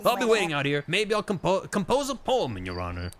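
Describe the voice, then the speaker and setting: A man's voice: sits high, huge pitch swings, fast, crowd noise, voice pushed up. A man voicing an aloof, dreamy gnome poet in a video game, languid and airy.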